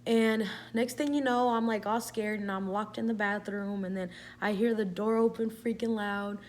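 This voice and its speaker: A woman's voice: mid-range voice, steady tone, moderate pace, a little mellow, a little hiss or hum. A young adult woman vlogging, telling a story in a casual, chatty way, swearing freely and saying "like" a lot.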